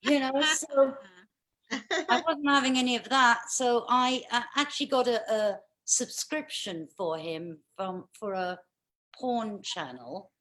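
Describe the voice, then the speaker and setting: Older British woman comic, slow, dry delivery of bawdy stories in a slightly high voice. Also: fairly bright tone. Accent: British English. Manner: dry, chatty storytelling with bawdy punchlines. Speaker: stand-up comedian. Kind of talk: stand-up comedy over a video call.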